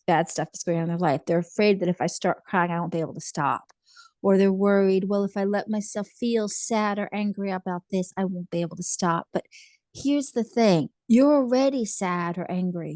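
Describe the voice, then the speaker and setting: Woman, therapist, reassuring, explanatory, mid pitch. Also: a little mellow, dry recording. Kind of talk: casual chat.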